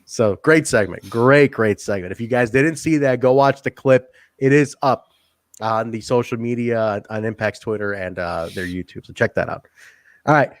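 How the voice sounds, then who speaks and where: A man co-hosting a laid-back wrestling podcast, talking in a joking, animated way and laughing often. His voice sits in a middle register and sounds dry and close. He swears casually as he talks. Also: mid-range voice, normal speed, no echo. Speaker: podcast co-host. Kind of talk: casual wrestling review chat.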